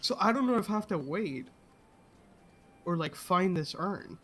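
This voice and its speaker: A man's voice: high voice, lively intonation, unhurried, fairly bright tone, soft background music. Blunt young man. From India. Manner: confused, blunt, swears casually. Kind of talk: casual gaming chat.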